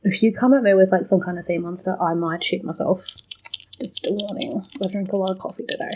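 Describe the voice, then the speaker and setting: A young adult woman hosting a casual reaction commentary, animated and emotional, swearing and laughing while doing her makeup. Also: mid-range voice, brisk, noisy background. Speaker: host.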